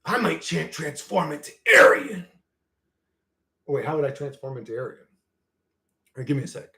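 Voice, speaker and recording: Animated, profane streaming man. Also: a little high, moderate pace, gravelly. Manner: profane, heated, rambling. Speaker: channel host reading live chat. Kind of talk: casual livestream chat.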